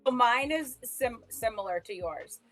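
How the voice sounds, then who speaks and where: A woman's voice: a little high, animated, a little slow, fairly bright tone, soft background music. A woman co-hosting a podcast, telling her own stories in casual chat, rambling with restarts and laughing at herself. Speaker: podcast co-host.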